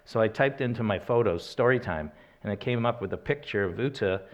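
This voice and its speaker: A man's voice: lowish voice, animated, a little fast, lo-fi sound. A man giving a church sermon in a conversational way, telling personal stories and reading scripture, with restarts and corrections. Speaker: church speaker.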